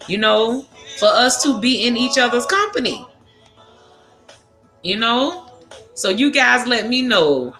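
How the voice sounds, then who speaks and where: A livestream host with a bright, forceful voice on the high side chats casually and frankly with her viewers, laughing and cursing freely. Her room echoes, and music can be heard behind her.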